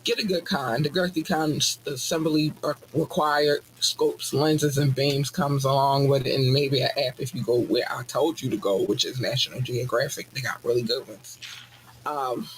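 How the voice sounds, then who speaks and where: Animated, profane podcast host man. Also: slight background noise, rough recording. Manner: animated, profane, jokey ranting with sudden high-pitched outbursts. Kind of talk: casual comedic monologue.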